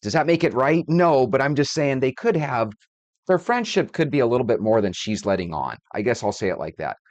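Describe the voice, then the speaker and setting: A man with a mid-range voice comments calmly and plainly, talking straight to his viewers. His voice is recorded close and dry. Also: medium pitch, fairly quick, dry recording. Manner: calm, reasoning, talks to viewers. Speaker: host, commentator. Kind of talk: casual commentary.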